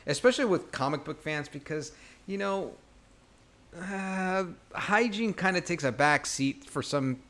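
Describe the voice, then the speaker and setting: A man's voice: high voice, animated, measured pace, fairly bright tone. A man co-hosting a casual talk show, encouraging and easygoing, often ending with "man". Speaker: podcast co-host. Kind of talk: casual chat.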